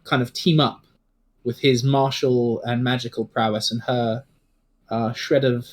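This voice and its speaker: A man voicing a scheming older male official in a tabletop game, low and confiding. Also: little pitch movement, unhurried, natural voice.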